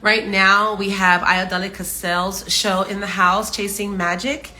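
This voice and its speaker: Medium in pitch with a sharp tone, this woman speaks flatly and unhurriedly. She's hosting a casual livestream from home in her morning voice, greeting viewers with upbeat chat and frequent laughter.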